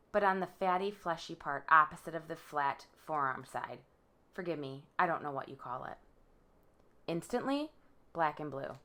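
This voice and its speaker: Slow, bright-voiced woman reading a statement. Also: on the low side. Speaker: victim giving a statement. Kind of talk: reading a court impact statement aloud.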